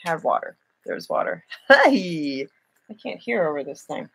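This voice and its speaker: A woman's voice: low-pitched, very animated, a little fast, vocal fry, breathy edge. A young woman chatting casually on a home live stream, self-deprecating, drifting in and out of a put-on British lilt. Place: home room at night.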